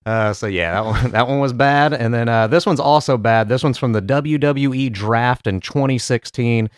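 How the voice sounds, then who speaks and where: A man's voice: mid-range voice, moderate pace, clean tone, no echo. A young adult man hosting a wrestling reaction show, chatting casually and joking. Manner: joking, laughing, mocking impressions. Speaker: host.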